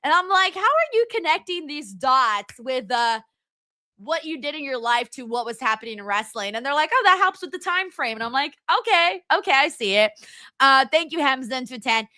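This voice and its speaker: A woman's voice: sits high, lively intonation, fairly quick, bright, forceful tone, no room sound. A young woman hosting a live-stream watchalong, chatting casually and giggling as she reads out viewer comments.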